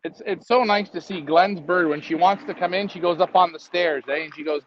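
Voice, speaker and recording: A man's voice: sits high, a little fast, a little hiss or hum. A man co-hosting a casual live stream, rambling and joking and laughing often. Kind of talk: casual chat. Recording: dry, dull lo-fi stream audio.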